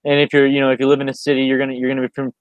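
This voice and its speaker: A man hosting a casual livestream interview, easygoing and quick to agree. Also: medium pitch, monotone, clear, resonant tone, no room sound, poor audio. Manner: easygoing, quick to laugh along. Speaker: livestream host.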